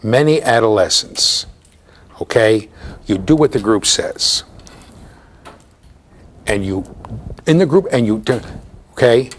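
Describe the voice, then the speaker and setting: A man's voice: on the low side, expressive, slow, long pauses, slight background noise. A middle-aged American man giving a university lecture, telling stories with asides to his students. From United States. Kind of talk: storytelling classroom lecture.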